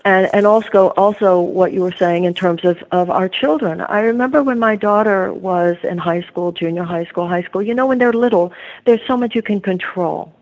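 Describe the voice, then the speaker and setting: A woman author sits for an interview in a voice that is neither high nor low. She talks in an earnest, reflective way, settling into long personal stories. Her tone stays plain and conversational. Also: normal speed, a little mellow, poor audio.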